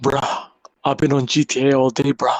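A man's voice: medium pitch, little pitch movement, normal speed, no room sound. Profane joking British man on a call-in stream. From England. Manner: profane, joking, mock-aggressive. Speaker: host of a call-in live stream. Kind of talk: rowdy casual banter.

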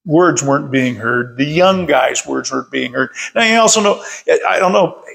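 Gravelly older man leading folksy Bible study. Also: a little high, lively intonation, normal speed, a bit bright. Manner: folksy, storytelling, chuckles at his own stories. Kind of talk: casual Bible study talk. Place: workshop.

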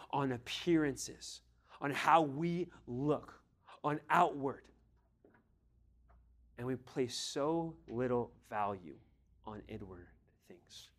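A man preaching a sermon, emphatic, swinging between loud exhortation and hushed, near-whispered lines. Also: mid-range voice.

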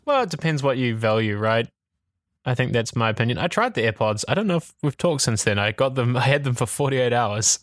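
A man co-hosting a casual tech podcast, giving strong opinions with quick laughs. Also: medium pitch, sing-song, no echo, clean studio sound. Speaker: podcast co-host.

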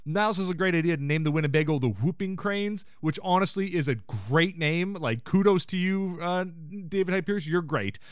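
A man hosting a podcast, recapping a sitcom episode in casual chat and quoting the characters in quick put-on voices. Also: high-pitched, lively intonation, clean tone, no room sound, studio quality. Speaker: podcast host.

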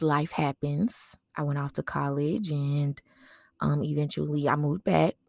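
A woman's voice: sits low, gravelly, a little mellow, no echo, clean studio sound. A woman hosting a podcast, telling a personal memorial story in a conversational way and often checking in with "right?". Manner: reflective storytelling with fillers. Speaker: podcast host.

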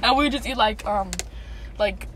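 A woman's voice: medium pitch, moderate pace, slight background noise. A young woman co-hosting a podcast among friends, telling stories in a rambling, filler-heavy way. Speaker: podcast co-host. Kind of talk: casual chat among friends.

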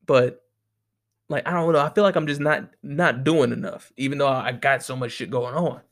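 A man's voice: mid-range voice, moderate pace. A young man talking casually to the camera in a rambling, profane monologue, often laughing. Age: young adult. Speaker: vlogger.

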